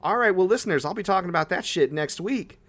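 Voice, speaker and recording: A young man co-hosting a casual podcast, talking in an excitable, gushing way that jumps into high-pitched bursts. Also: fast talker. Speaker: podcast co-host. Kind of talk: casual chat.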